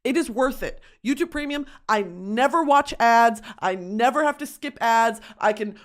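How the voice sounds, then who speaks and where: Animated, swearing young woman podcaster. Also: a little high, normal speed. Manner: expressive, swears a lot, mocking self-talk. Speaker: podcast host. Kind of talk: casual chat. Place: home studio.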